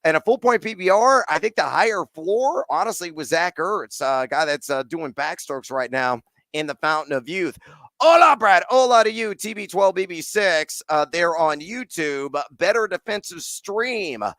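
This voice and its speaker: A middle-aged man hosting a live fantasy football Q&A, reading viewer questions and answering in energetic slangy bursts with frequent fillers. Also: fairly high pitch, moderate pace, dry recording. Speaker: fantasy football and betting host.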